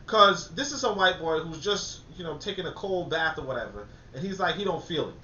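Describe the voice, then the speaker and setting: Male livestream host, ranting and swearing; tense, bright voice, muffled and set back from the mic. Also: on the high side, expressive, brisk, slight background noise. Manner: blunt, ranting, swears, slangy asides. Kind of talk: casual commentary. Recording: echoey, distant, muffled.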